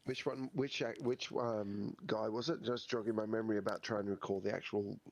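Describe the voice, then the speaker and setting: A man chats with friends over voice call while they play, his voice lowish, gravelly and a bit husky. He is laid-back and often stops to restart his sentences. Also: fairly even intonation, a little fast, a little mellow. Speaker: player in a gaming group. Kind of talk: casual gaming chat over voice call.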